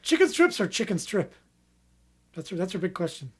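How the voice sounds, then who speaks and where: A man's voice: high-pitched, very animated, moderate pace, husky. A man co-hosting a comedy podcast, reading out fan questions in an easygoing way with many fillers. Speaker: podcast co-host. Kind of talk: casual comedic chat.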